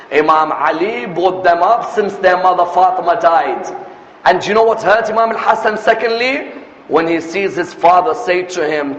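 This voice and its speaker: High-voiced preacher in an echoey hall. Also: male voice, fairly bright tone. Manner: impassioned, rhetorical questions, rising emphasis. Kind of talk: sermon. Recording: echoey hall, muffled lo-fi sound, faint noise.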